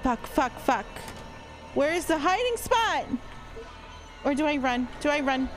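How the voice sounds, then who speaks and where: A woman's voice: high voice, animated, normal speed. A woman streamer commentating live gameplay, jumpy and swearing often as she talks to her chat. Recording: loud music behind voice.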